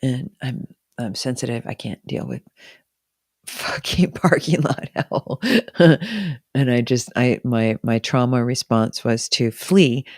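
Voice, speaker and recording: A woman's voice: a bass voice, vocal fry, darkish tone, no echo, studio quality. A woman talking casually and emotionally on a live stream from home, swearing freely and speaking openly.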